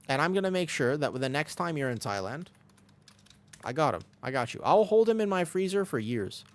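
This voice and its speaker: A man's voice: mid-range voice, very animated, fairly quick. A young man streaming a game, chatting casually and rambling as he answers chat between callouts. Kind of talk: casual chat while gaming.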